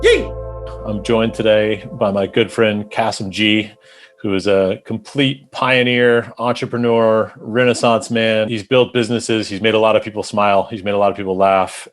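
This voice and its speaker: A man's voice: lowish voice, little pitch movement, moderate pace, soft background music. A man hosting a podcast, introducing his guest with an enthusiastic, sing-song delivery. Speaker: podcast host. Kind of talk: upbeat show intro and chat.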